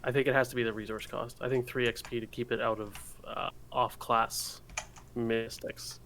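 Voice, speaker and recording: Man, casual podcast co-host, quick and jokey, bright-edged voice. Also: mid-range voice, flat delivery, a little hiss or hum. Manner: quick, joking, thinking aloud. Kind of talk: casual game-play chat.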